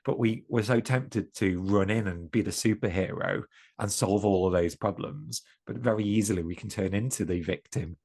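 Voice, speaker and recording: A man from England's East Midlands speaks as a podcast guest in casual conversation, his voice lowish and somewhat dark at a normal speed. He comes across earnest and reflective, frequently restarting and correcting himself mid-sentence.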